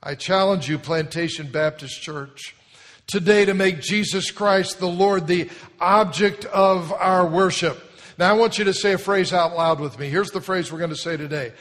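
A man with a notably high voice delivers an emphatic sermon from a church sanctuary. He leads the congregation to say phrases back to him. A long reverb trails each line through the hall. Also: normal speed, fairly bright tone. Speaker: pastor.

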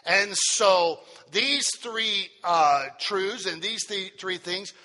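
A high-voiced male preacher delivers a sermon at an unhurried pace, stretching out key phrases for emphasis. His bright tone carries a long hall reverb, as in a church sanctuary.

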